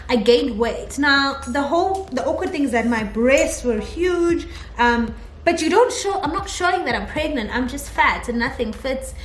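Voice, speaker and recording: Chatty young woman in echoey room. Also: on the high side. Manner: chatty, animated, laughs while telling. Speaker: vlogger. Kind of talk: casual storytelling vlog. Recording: echoey room, faint ambient noise.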